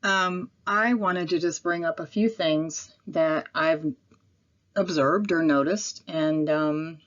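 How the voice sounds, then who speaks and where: A woman with a Midwestern accent talks casually into her camera at home. Her voice sits low, and she rambles a little, with pauses and apologies. The recording is dull and lo-fi. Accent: Midwestern American. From Midwestern United States. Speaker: vlogger.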